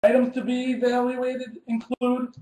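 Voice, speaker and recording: A man's voice: very high-pitched, monotone, measured pace, mellow, reverberant, a little hiss or hum, low-quality recording. A man, an architect, giving a scripted webinar presentation, reading methodically through numbered steps and stressing key words.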